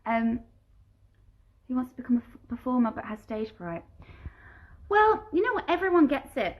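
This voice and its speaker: A woman's voice: a little high, very animated, moderate pace, low-quality recording. A woman at home answering viewer questions in a casual livestream, reading each question aloud and then replying in a chatty way. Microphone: phone livestream.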